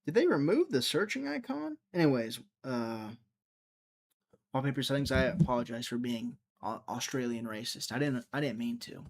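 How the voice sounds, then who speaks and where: A man's voice: medium pitch, big pitch swings, normal speed. A man hosting a casual livestream, rambling and joking as he answers viewers' chat comments. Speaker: livestream host.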